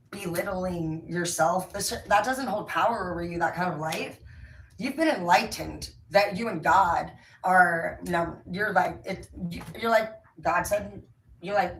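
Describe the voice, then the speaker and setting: A woman's voice: on the low side, a little slow, a bit bright, a little hiss or hum. A woman giving a casual tarot reading, talking in a blunt, rambling and emphatic way. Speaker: tarot reader. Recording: roomy, distant from the mic, faint ambience.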